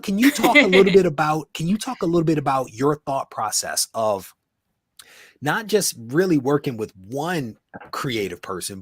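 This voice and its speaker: A man hosting a relaxed interview over a video call, his pitch swinging widely as he talks. The sound is dry and close, and he repeats words and laughs a lot between questions. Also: breathy edge, no room sound. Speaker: podcast host. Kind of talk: casual interview chat.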